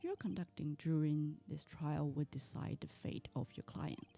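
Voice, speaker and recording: A woman's voice: sits low, a little slow, vocal fry, dark tone, exaggerated voice. A woman voicing a stern older male judge in a game, reading his lines formally. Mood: solemn.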